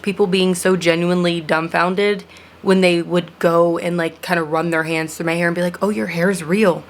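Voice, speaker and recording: A woman's voice: lowish voice, a little hiss or hum. A young woman talking to her channel's viewers in a reflective personal vlog, earnest and with sarcastic asides. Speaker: vlogger.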